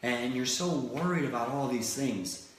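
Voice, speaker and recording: A man's voice: mid-range voice, a little slow, slight background noise. Echoey motivational speaker, man. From Florida. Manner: animated storytelling with many restarts. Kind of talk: motivational talk. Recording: very echoey room.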